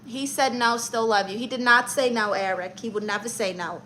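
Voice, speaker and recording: A livestream host from Brooklyn, New York, in character as a comic aunt, reads out viewer comments with teasing sass, addressing people as honey and darling. Her slightly high voice has fairly even intonation, a moderate pace and a sharp tone. The audio is poor, with slight background noise.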